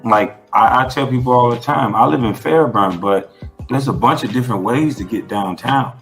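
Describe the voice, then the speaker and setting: A man's voice: medium pitch, normal speed, a bit bright, soft background music. A man being interviewed who talks in a blunt, emphatic way and swears freely. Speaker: interview guest. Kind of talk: casual conversational interview.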